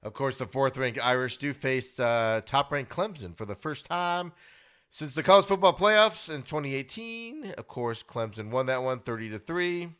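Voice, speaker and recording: A man hosting a sports podcast, giving opinionated casual commentary and getting loud and high when worked up. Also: lively intonation, normal speed, clear, resonant tone. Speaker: podcast host. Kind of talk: casual sports talk monologue.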